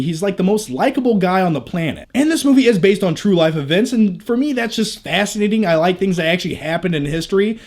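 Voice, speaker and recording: A young man talks through his movie picks in a casual vlog voice, candid and full of jokes. His voice sits high for a man. He drops in crude asides without slowing down. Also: lively intonation. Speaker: movie review vlogger. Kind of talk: casual review chat.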